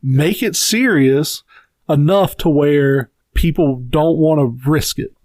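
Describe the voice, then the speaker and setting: A man's voice: a little high, slow, a little mellow, no echo. A man with a Southern US accent co-hosting a podcast, giving blunt, profane opinions in casual chat. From Southern United States. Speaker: podcast co-host.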